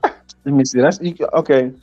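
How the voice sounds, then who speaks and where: A man's voice: medium pitch, normal speed, darkish tone. A man with a Southern American accent joining a casual chat, laid-back and joking in short replies. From Southern United States. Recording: dull lo-fi stream audio with faint music.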